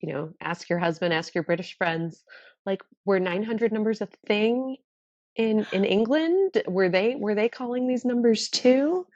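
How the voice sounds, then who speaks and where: A chatty woman guesting on a podcast, her pitch swinging up and down as she talks. She fills her talk with quick jokes and "like"s. Her voice comes through dull and a bit lo-fi, with a dry sound. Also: animated, a little mellow, dry recording. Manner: chatty, quick joking asides, many "like"s. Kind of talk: casual chat.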